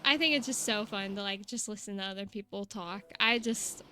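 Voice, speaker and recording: A woman's voice: mid-range voice, a little fast, bright, forceful tone, slight background noise. A young woman, chatting casually and rambling to her stream viewers.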